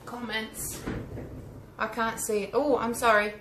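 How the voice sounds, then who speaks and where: A woman with an Australian accent, an art teacher who vlogs, paints while chatting casually and warmly to live viewers, dropping teacherly asides. She speaks a little slowly at a fairly high pitch with little pitch movement, amid roomy echo and a faint hum.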